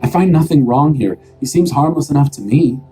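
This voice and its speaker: A man's voice: a little high, expressive, fairly quick, dark tone, faint music behind, pitched above the performer's own voice, natural voice. A man voicing a pleading Roman governor. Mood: protesting. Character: Roman governor, middle-aged man, uneasy.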